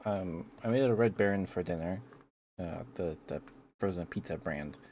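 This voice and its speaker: A young man, an ASMR streamer, rambling softly to his chat with frequent ums and small kisses. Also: low-pitched, moderate pace, slight background noise. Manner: rambling, greets chat viewers with kisses, hesitant fillers.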